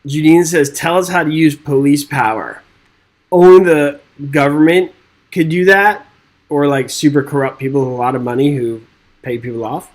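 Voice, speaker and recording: A man's voice: on the high side, normal speed, poor audio. Upbeat jokey man teaching a webinar. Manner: upbeat, jokey, reads quiz questions and chats with viewers. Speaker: real estate exam instructor.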